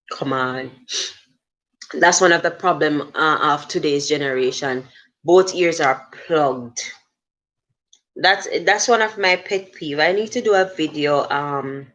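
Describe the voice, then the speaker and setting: A woman's voice: deep voice, a bit bright. A middle-aged woman hosting a casual motivational livestream, talking earnestly and chatting with many fillers and restarts. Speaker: livestream host.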